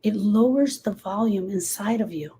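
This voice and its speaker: Speaking at a normal speed in a medium-pitched, dark voice, a woman grief coach and podcast host addresses the camera. She walks listeners through coping tools and repeats key phrases for emphasis, and the recording is low quality with slight background noise.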